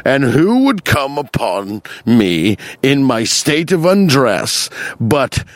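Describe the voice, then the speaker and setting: Man doing a pompous British gentleman voice, put-on British accent, slow grand mock-formal delivery, medium pitch. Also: sing-song, no echo. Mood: grandly formal. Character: pompous upper-class British gentleman, older, fanciful.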